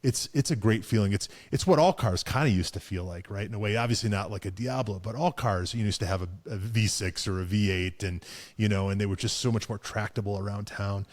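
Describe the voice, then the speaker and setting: A man's voice: on the low side, a little fast. A man co-hosting a car show, chatting casually with lots of fillers, restarts and chuckles. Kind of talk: casual chat.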